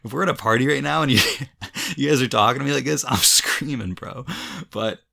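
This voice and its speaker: A man's voice: medium pitch, fast talker, gravelly, sharp tone. A young man from Canada, an investing YouTuber, reacting to angry comments in a heated, swearing rant with frequent laughs.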